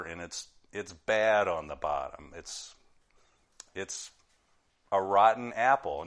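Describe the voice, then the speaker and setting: Deep-voiced man preaching conversationally. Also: fairly bright tone. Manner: informal, many restarts and fillers, rises in volume for emphasis. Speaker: pastor. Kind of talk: conversational sermon.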